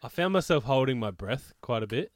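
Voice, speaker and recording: A man co-hosting a casual chat, telling stories in a deadpan way and running a quiz. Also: mid-range voice, a little fast, no echo. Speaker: podcast co-host and quiz master.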